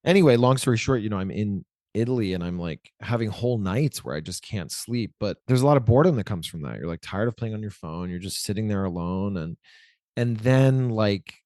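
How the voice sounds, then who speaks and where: A man's voice: fairly low pitch, animated, a little fast, darkish tone, no room sound, clean studio sound. A man in his forties chatting as an interview guest, rambling and correcting himself with lots of likes. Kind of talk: casual interview chat.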